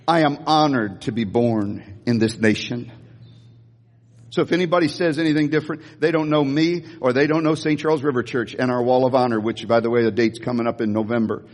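An older American man, a pastor, preaching an animated sermon and calling on the congregation to repeat after him. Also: medium pitch, moderate pace, in a large hall. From United States. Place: church sanctuary.

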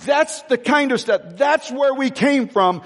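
A man preaching a sermon, telling stories in an animated, conversational way. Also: extremely high pitch, unhurried, big-room sound. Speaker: pastor.

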